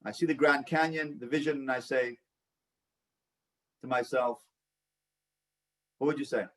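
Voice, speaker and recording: A man's voice: medium pitch, fairly even intonation, unhurried, fairly bright tone, distant mic. A man leading a support group, who coaches, asks the group questions and acts out sample replies. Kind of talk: teaching a live online group session.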